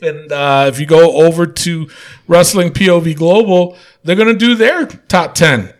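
Male podcast host, casual and jokey, slightly raised pitch. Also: normal speed. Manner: laid-back, joking, swears casually. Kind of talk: casual wrestling podcast chat.

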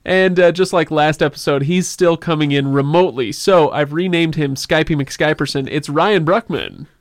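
A man's voice: a little high, normal speed, dry recording, clean studio sound. A man hosting a casual podcast, talking in a loose, joking way with plenty of filler words. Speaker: podcast host.

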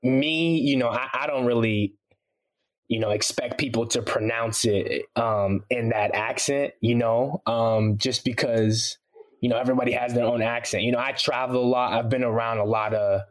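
A man talking loosely as an interview guest, relaxed and slangy, with lots of "you know" fillers. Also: medium pitch, moderate pace. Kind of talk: casual interview chat.

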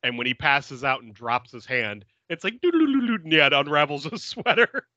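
A man hosting a podcast, recapping a film in a casual, animated way, laughing often and swearing freely. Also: medium pitch, normal speed, no echo, muffled recording. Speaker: podcast host.

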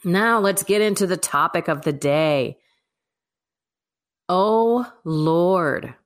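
A woman's voice: fairly low pitch, moderate pace. A woman hosting her devotional podcast in a chatty, emphatic way, recorded on a microphone in an echoing kitchen. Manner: chatty, emphatic, self-deprecating. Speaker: podcast host. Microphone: microphone with laptop. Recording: echoey kitchen with faint music.

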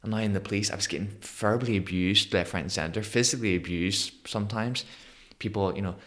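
A man in his thirties from Northern Ireland with a Northern Irish accent, a podcast guest telling his story in an animated way and acting out the voices of people he quotes. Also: on the low side, fairly quick. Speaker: guest, motivational speaker. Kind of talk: conversational storytelling interview.

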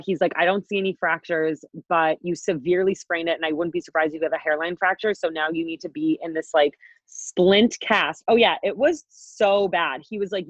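In a casual podcast chat, this twenty-something female co-host rambles through a story, cursing freely and peppering it with "like" and other fillers. She has a lowish voice with no echo, captured in dull, dry podcast audio.

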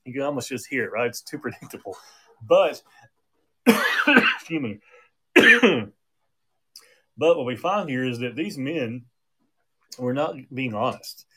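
A man's voice: mid-range voice, sing-song, unhurried, long pauses, bright, forceful tone, slightly rough. A man preaching a sermon in a conversational way, often restarting his sentences, with an occasional cough. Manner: conversational with frequent restarts and fillers.

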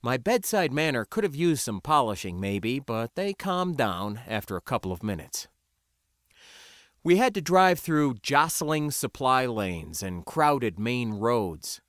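A man narrates a first-person adventure story with a wry, lively storytelling manner. His pitch moves around a lot as he reads. The recording is close and dry, with no room sound. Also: unhurried, dry recording. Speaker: audiobook narrator.

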